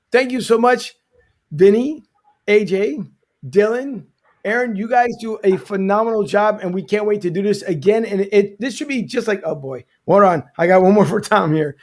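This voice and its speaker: A man hosting a casual sports talk show, teasing his guests and joking about rival teams. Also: high voice. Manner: jokey, teasing, talks over others. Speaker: host.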